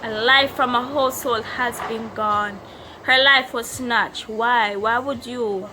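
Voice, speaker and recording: A woman tells a personal story on her vlog in a slow, halting, emotional way. Her voice sits a little high and she takes her time. Steady background noise and passing vehicles are clearly heard under her voice. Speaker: vlogger.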